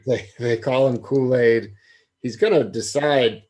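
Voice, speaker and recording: A man's voice: medium pitch, unhurried, a little mellow. A man hosting a casual sports podcast, easygoing and steering the talk with questions. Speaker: podcast host.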